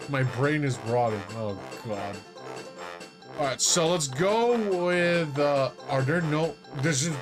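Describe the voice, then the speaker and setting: Over music, a man with a mid-range voice talks slowly in a sing-song way as he plays a game live. He rambles to viewers, makes fun of himself, and laughs often.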